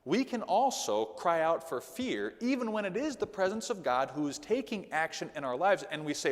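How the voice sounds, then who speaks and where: A man's voice: fairly high pitch, moderate pace, few pauses, big-room sound. A man teaching a Sunday school lesson in a conversational sermon style, often checking in with "okay?". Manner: animated, conversational, with frequent "okay?" asides. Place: church hall.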